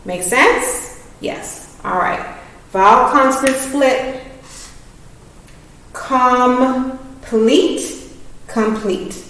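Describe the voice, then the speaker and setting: A woman teacher with a fairly high, fairly bright voice speaks slowly while giving children a reading lesson. Patient and encouraging, she asks many questions to check they're following. The room is echoey, and her voice sounds far off.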